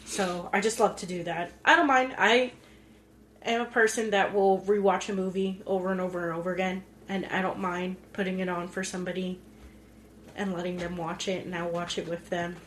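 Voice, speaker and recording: A woman co-hosting a casual podcast from home, chatty and enthusiastic and quick to laugh. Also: on the low side, steady tone, fairly bright tone, a little hiss or hum. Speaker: podcast co-host. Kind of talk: casual chat. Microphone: pink studio mic.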